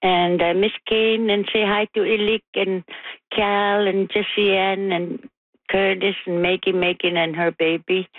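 A woman's voice: medium pitch, dry recording. An older woman calling in to a radio show, sending rambling, affectionate greetings to family and friends. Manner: rambling and affectionate, many pauses. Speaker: caller. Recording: tinny phone line.

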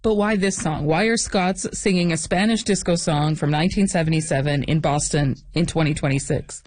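A woman's voice: low voice, a little fast, a little mellow. A woman radio host asking curious questions in an interview, often laughing.

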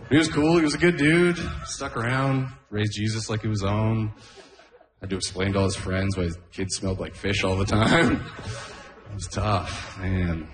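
Guy doing stand-up in a roomy club, lowish voice, keeps cracking up at his own jokes. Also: steady tone, measured pace. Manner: laughs at his own jokes, many "oh, man" asides. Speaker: stand-up comedian. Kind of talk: stand-up comedy set. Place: comedy club stage with a laughing audience. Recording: echoey club room.

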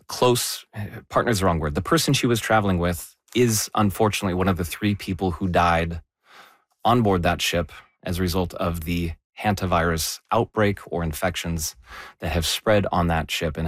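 Measured male news presenter, low voice, dry close sound, explains and stresses key terms. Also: no echo. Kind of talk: conversational news discussion.

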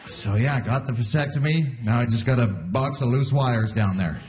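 Performing live before an audience at a comedy venue, a man in his forties does a self-deprecating stand-up set and acts out voices for quoted lines. His mid-range voice has a darkish tone at a normal speed, with audience laughter and slight background noise behind him.

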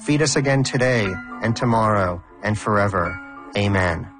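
A man's voice: on the low side, lightly acted. A man voicing a devout, preachy male pet hamster who speaks in a solemn, sermonizing way over background music. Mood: prayerful. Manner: solemn, sermonizing, slow and emphatic.

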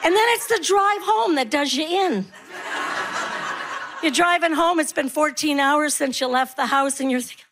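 A woman's voice: high-pitched, normal speed, fairly bright tone. A middle-aged woman performing a stand-up comedy routine, telling stories about motherhood and acting out her kids and herself in voices.

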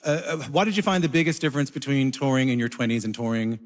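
Fast-talking male interviewer. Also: mid-range voice, lively intonation, in a large hall. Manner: rambling, restarting questions with fillers. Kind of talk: conversational interview questions.

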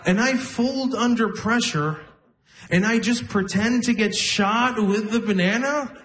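A young man doing a stand-up comedy set, telling stories deadpan, laughing at his own lines and acting out other people. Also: sits high, unhurried, slight background noise. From immigrant to Canada. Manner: deadpan storytelling, breaks into laughter, acts out voices. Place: comedy club stage with audience.

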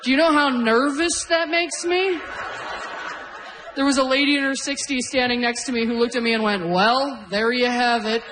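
Self-deprecating woman comic, fairly high voice. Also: moderate pace, fairly bright tone, a little hiss or hum. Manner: self-deprecating, laughing through her lines. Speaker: stand-up comedian. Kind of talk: stand-up storytelling. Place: stage before a live audience.

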